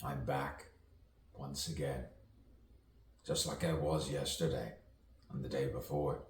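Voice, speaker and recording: A man's voice: extremely low pitch, steady tone, takes it slowly, a little mellow, a little hiss or hum. A man delivering a rambling, playful spoken-word monologue, free-associating in rhymes and shifting his voice as he goes. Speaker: self-styled poet and performer. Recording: roomy echo, distant from the mic, faint ambience.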